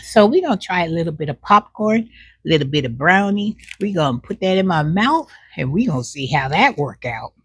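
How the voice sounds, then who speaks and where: Chewing as she talks, a woman taste-tests snacks in a folksy, casual chat, humming long and slow over the food and dropping "child" as an aside. Her voice is fairly low with big pitch swings, a bit bright and slightly rough, and the recording is dry.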